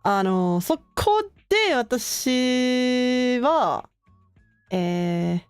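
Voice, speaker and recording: A young woman streamer chatting casually with her viewers, relaxed and full of filler words, often laughing between thoughts. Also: high voice, very slow, clean tone, dry recording, soft background music. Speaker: streamer hosting her own channel.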